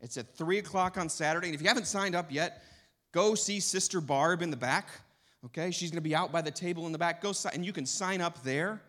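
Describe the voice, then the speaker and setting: A folksy, rambling church announcer, as a man puts him on, raised a bit higher and louder than the speaker's own voice. He repeats every detail and pads his lines with friendly asides. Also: brisk. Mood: chatty. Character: chatty overexplaining male church announcer.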